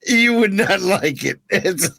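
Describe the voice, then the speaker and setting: A man co-hosting a casual comedy podcast, laid-back, echoing the others' punchlines in a gravelly, husky voice. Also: high voice, lively intonation, takes it slowly, a bit bright, studio quality. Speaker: podcast co-host.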